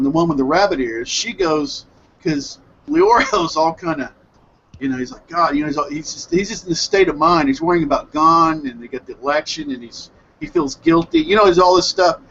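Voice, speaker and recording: A man hosting an online hangout, excitedly recapping an anime episode in a rambling, self-correcting way over a headset mic on a video call. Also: a little high, vocal fry, lo-fi sound, slight background noise. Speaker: hangout host reviewing anime. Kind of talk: casual group hangout chat.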